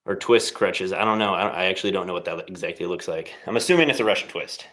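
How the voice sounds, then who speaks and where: A man's voice: sits low, fast, fairly bright tone. A young man hosting a live stream, chatting casually between workout sets and teasing his viewers in a laid-back, motivational way. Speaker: livestream host.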